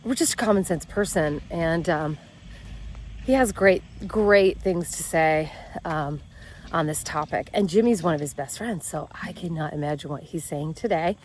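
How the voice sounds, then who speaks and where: A woman's voice: sits low, moderate pace, a little hiss or hum. A middle-aged American woman giving a blunt, exasperated opinion vlog, swearing freely as she walks outdoors. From United States. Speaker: vlogger.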